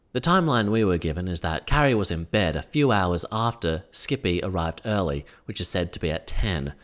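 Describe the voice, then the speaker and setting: A man giving a comedic, sarcastic recap of a TV episode, full of wry asides. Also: deep voice. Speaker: recap vlogger.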